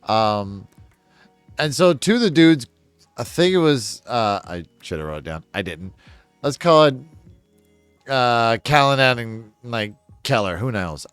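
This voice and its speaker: Man in a laid-back book vlog, smooth voice, meandering delivery, dry close-up sound. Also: medium pitch, dry recording. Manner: rambling, chuckling, self-deprecating asides. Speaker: book reviewer. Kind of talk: casual book synopsis vlog.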